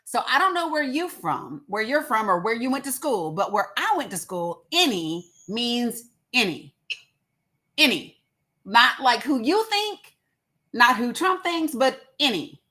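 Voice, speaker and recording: A woman's voice: on the high side, sing-song, a little slow, sharp tone. Emphatic woman livestreaming, slangy. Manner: emphatic, repeats words for effect, slangy. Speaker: livestream host. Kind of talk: casual live commentary.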